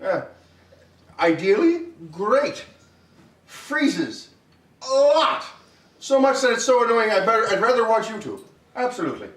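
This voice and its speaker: A man's voice: sits high, sing-song, measured pace, pauses often, a bit bright. A man co-hosting a podcast at a home dinner table, ranting in mock indignation with stumbling restarts. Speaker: podcast co-host. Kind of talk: casual banter over dinner. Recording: echoey room, distant mic.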